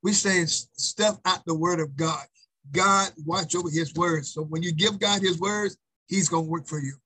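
Husky high-voiced male preacher. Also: normal speed, bright, forceful tone, low-quality recording. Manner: emphatic, repetitive call-and-response preaching. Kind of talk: sermon.

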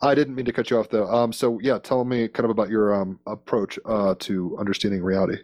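A man's voice: on the low side, little pitch movement, brisk, a little mellow, dry recording. A man hosting a casual interview, easygoing and joking between questions. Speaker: podcast host.

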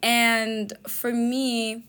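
A woman's voice: fairly high pitch, level tone, extremely slow, fairly bright tone, smooth. A young woman from Botswana hosting a podcast in casual chat. She laughs often and keeps asking "you know what I mean". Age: young adult. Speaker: podcast host.

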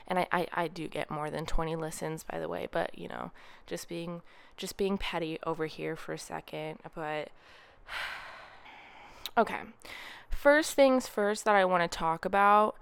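Young female podcast host, casual petty rant, smooth low-ish voice. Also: fairly even intonation, measured pace, long pauses, no echo. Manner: chatty, sarcastic and petty, mimicking others in a high voice.

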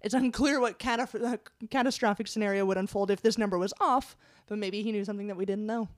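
A woman's voice: mid-range voice, fairly even intonation, fast talker. A woman hosting a laid-back podcast, reading through a countdown list. She talks in a loose, chatty way, with plenty of fillers and the odd swear word. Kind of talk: casual podcast chat.

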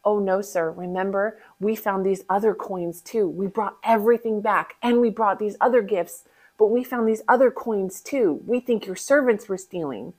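A woman's voice: medium pitch, normal speed, darkish tone, lightly acted. Woman doing Judah, earnest pleading brother. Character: pleading man, humble older brother.

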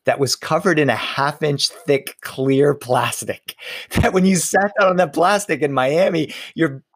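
A middle-aged man and storyteller speaking in a lively, conversational way, slowing down to linger on details. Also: fairly high pitch, breathy edge, no room sound, clean studio sound. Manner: animated, slows down on details, many restarts. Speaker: storyteller and author.

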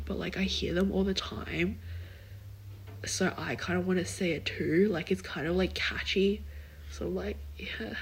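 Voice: medium pitch, measured pace, low-quality recording. A young adult podcast host talking in a casual, rambling way, full of "like" and "kind of". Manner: rambling, filler-heavy, many likes and kind ofs. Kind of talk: casual solo podcast chat.

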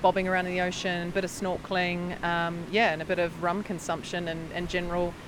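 A woman narrating a travel vlog in a relaxed, chatty way with many fillers. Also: on the low side, brisk, noisy background. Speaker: travel vlogger.

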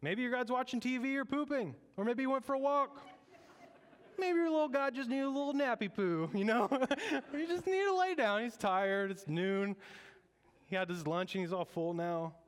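A man's voice: extremely high pitch, animated, extremely slow, hardly any pauses, clean tone, voice pushed up, exaggerated voice. A man voicing a mocking prophet who teases a sleepy false god in a babyish sing-song.

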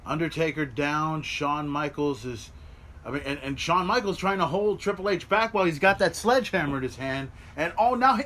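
A fairly high-voiced man hosts a podcast and talks over a replay as he watches it. His delivery is animated and loose. He swears freely and breaks into yells when the action peaks. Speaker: podcast host. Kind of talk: excited watch-along commentary. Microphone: podcast mic.

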